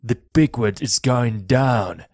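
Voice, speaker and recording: A man's voice: mid-range voice, slow pace, a little mellow, no echo, studio quality. A man voicing an obsessed, commanding old sea captain in a storybook reading, giving stern, barked orders. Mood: grim.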